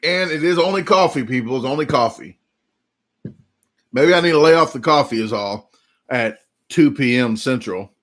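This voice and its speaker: A man's voice: medium pitch, expressive, moderate pace, fairly bright tone. A man in his forties with a Southern US accent, hosting a casual live chat and telling rambling, jokey stories. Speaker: livestream host.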